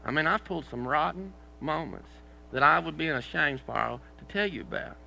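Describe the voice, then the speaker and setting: A man preaching to a church congregation, his slightly raised voice grainy with fry. His tone is very bright and forceful. He keeps it conversational, tossing questions to the room and joking about his own failings. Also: fairly high pitch, expressive, fairly quick, a little hiss or hum, rough recording. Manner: conversational preaching, asks the congregation questions, self-deprecating humor. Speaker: pastor. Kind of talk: sermon.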